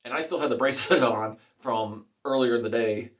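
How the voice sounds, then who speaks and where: Man, personal story, emotional, repeats and restarts, mid-pitched voice, acts out his pleas. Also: fairly quick. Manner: reenacts his own pleading quotes louder. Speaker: telling his own illness story.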